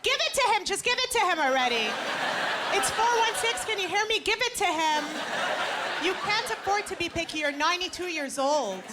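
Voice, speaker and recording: A woman's voice: a little high, lively intonation, fast, hardly any pauses, over a noisy crowd, heavy background noise, close to an everyday voice. A woman voicing her older mother, a pushy, screaming, nagging parent desperate for grandchildren.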